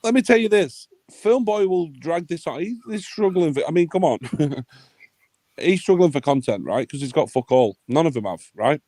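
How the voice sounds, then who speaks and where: A man's voice: a little high, expressive, moderate pace, mellow, dry recording. Sweary man ranting. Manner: heated, sweary, blunt. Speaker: livestream host. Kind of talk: ranting livestream chat.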